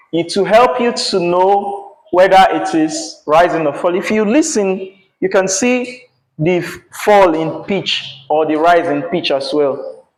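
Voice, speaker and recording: A male teacher, teaching a class patiently and checking in often with "yeah?" and "right?". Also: high voice. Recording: echoey classroom.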